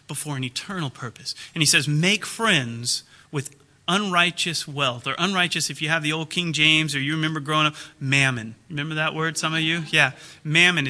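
A man preaching a sermon as pastor, retelling a parable with lively acted-out dialogue. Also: on the high side. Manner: animated storytelling, acts out characters' lines.

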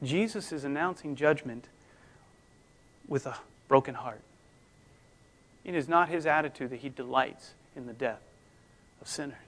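A man preaching a conversational sermon, his voice swinging between loud emphasis and near-hushed tones. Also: medium pitch, unhurried, pauses often. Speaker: pastor.

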